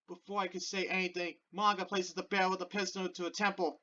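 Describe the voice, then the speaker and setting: A woman playing a visual novel, reading the text aloud and reacting with loud exclamations. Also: a little fast. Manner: excitable, exclaims loudly, drops to a low voice for narration. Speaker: let's play gamer. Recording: dull lo-fi audio over game music.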